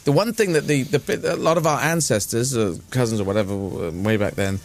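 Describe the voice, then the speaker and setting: A man's voice: mid-range voice, brisk. An English man chatting as a guest, riffing playfully and wandering between thoughts. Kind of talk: casual chat.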